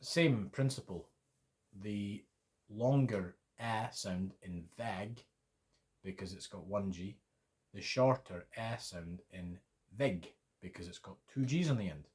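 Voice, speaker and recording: Male language-learner host, low-pitched, very slow and patient, repeats vowel sounds for beginners. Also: a little mellow. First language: English. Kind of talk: slow, deliberate pronunciation lesson.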